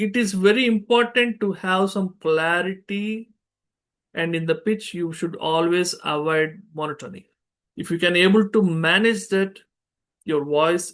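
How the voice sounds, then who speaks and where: Indian English accent, man, speaking trainer, earnest, emphatic, filler-heavy, higher-pitched. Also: a bit bright. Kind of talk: online public speaking workshop.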